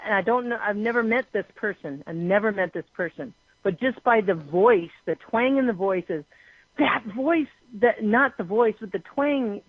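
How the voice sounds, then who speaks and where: A woman hosting a conference call chat, asking rambling questions and reacting with excited exclamations. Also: on the high side, dry recording. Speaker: host of a call-in show. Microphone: phone. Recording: tinny dry phone line.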